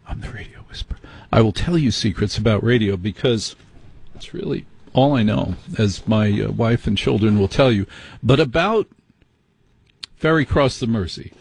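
A man's voice: lowish voice, animated, normal speed, creaky, husky, no echo. A middle-aged man hosting an overnight radio show, chatting casually with rambling, wry, self-deprecating asides. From United States. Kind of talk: casual late-night radio chat.

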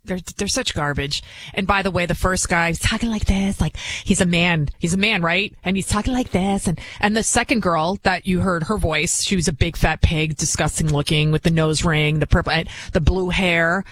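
A man's voice: a little high, steady tone, moderate pace, fairly bright tone, no room sound. A male radio talk show host delivering an indignant, repetitive monologue.

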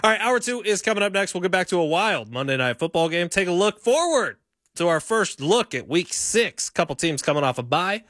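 A man's voice: sits high, big pitch swings, fairly quick, fairly bright tone, dry recording. A man hosting a sports radio show, talking emphatically and giving firm opinions from the studio. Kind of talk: sports talk radio banter. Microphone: studio microphone.

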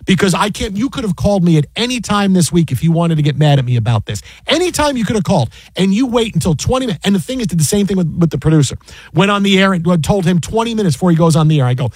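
Man host, casual storytelling; quick, exasperated, fairly high voice, dry sound. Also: slightly rough, dry recording. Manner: animated, exasperated retelling with many restarts.

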